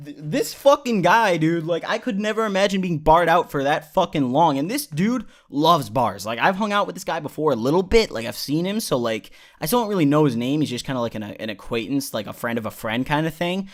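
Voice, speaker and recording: Young male vlogger, animated storyteller, slightly high voice. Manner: animated, profane, rambling. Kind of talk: casual storytelling.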